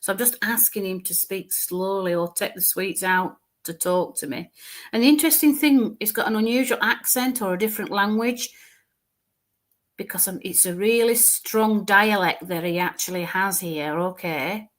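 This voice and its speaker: A woman's voice of moderate pitch carries a live mediumship reading. She halts often, circling back over words as she narrates her impressions, and sometimes lowers herself to a soft murmur.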